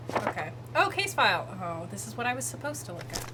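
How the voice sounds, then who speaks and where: A woman's voice: mid-range voice, sing-song, fairly quick, over music. A woman streamer giving casual, joking commentary as she plays a mystery game. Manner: chatty, joking, reacting aloud with laughs.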